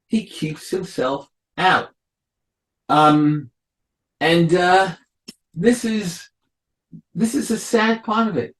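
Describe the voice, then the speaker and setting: A man, a rabbi, giving a Torah lecture, explaining slowly and acting out the quotes of biblical figures. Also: fairly high pitch, lively intonation. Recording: echoey room.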